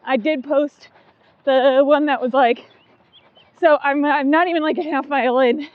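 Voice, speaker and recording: A woman's voice: high-pitched, steady tone, moderate pace, no echo, narrow, tinny audio. A woman co-hosting a casual running podcast, chatty and giggly, full of likes and ums. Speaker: podcast co-host. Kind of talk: casual chat.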